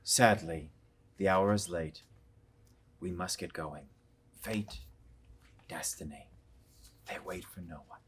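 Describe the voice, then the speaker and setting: A man's voice: deep voice, slow pace, pauses often, a little hiss or hum. An actor playing a grand, theatrical male mage in a script reading. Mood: grandiose. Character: scheming showy male mage, grandly formal.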